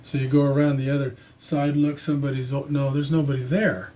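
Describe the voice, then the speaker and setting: A man telling his own story to camera in a casual, halting, earnest way, with frequent restarts. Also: medium pitch, flat delivery, dark tone, slight background noise. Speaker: channel host telling a personal story.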